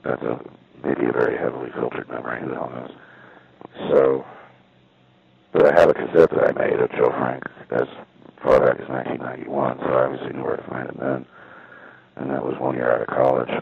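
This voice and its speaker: A man's voice: extremely low pitch, level tone, a little fast, gravelly, slightly rough, no room sound. A man in his fifties rambling in a wry, meandering monologue from an outdoor payphone. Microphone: phone handset. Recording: tinny phone line.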